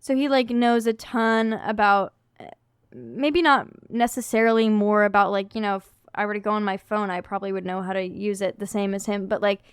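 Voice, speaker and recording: A woman's voice: mid-range voice, fairly quick, clear, resonant tone, no echo, studio quality. A young woman co-hosting a podcast, chatting casually and filling her talk with "like". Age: young adult. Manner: chatty, full of "like", mimics voices in anecdotes. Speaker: podcast co-host. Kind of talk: casual chat.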